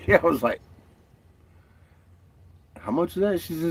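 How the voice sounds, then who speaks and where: A man's voice: sits high, huge pitch swings, moderate pace, gravelly, long pauses, breathy edge. A man chatting casually in a vlog, laughing often and swearing freely. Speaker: vlogger. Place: out and about, doing laundry.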